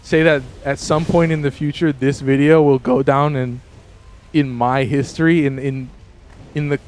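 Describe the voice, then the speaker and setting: A man livestreaming a game and chatting casually with his viewers, rambling with many restarts and sudden excited jumps in pitch. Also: moderate pace, slight background noise. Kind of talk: casual livestream chat with viewers while gaming.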